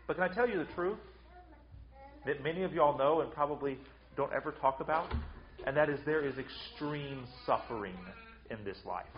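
A man's voice: fairly high pitch, normal speed, roomy sound, lo-fi sound. A man preaching a sermon with emphatic delivery, often repeating words as he restarts. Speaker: pastor.

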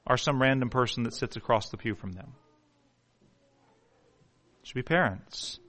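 A man preaching a sermon with passion, swinging from hushed pleading to near shouting and stumbling over words when worked up. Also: mid-range voice, moderate pace. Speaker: pastor.

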